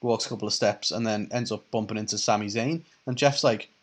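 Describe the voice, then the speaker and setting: A man's voice: fairly low pitch, fairly quick. A man co-hosting a casual podcast, chatty and laughing as he recounts events. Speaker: podcast co-host.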